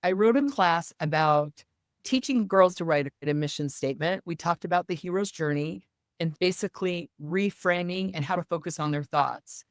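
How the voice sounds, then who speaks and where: A woman's voice: lowish voice, normal speed, dry recording. Earnest woman telling her story, dry sound. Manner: earnest, animated retelling with quoted dialogue. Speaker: guest. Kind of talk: personal storytelling in an interview.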